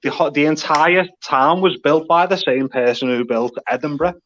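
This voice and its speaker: A man's voice: on the high side, normal speed, a bit bright, slight background noise. A man chatting casually with the lads, calling everyone mate. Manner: matey, chatty. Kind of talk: casual online banter. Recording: lo-fi muffled audio.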